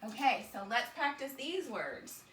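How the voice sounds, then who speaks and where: A woman teaching young children, her voice fairly high and upbeat as she encourages them and calls them friends. She sounds set back from the microphone in an echoey room. A steady background noise runs under her voice. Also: unhurried. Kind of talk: teaching a small-group lesson. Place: indoor room with children nearby. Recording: roomy, distant, noisy.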